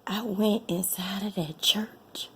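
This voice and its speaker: A woman tells a personal story, repeating herself and often sinking into a breathy whisper. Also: mid-range voice, fairly even intonation, takes it slowly, sharp tone, a little hiss or hum. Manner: emotional, repeats phrases, drops to a breathy whisper. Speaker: vlogger sharing a personal testimony.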